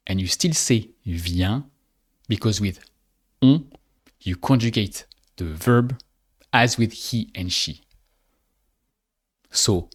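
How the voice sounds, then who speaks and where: A man teaching spoken in a guided speaking lesson, patient and deliberate, drawing out each example phrase. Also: on the low side, husky. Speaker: French teacher.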